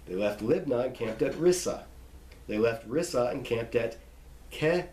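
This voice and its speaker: Man, teacher, measured reading, spells out names, echoey room. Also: mid-range voice, lively intonation, mellow. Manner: reads name lists slowly, pausing to spell out pronunciations. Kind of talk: instructional reading of scripture.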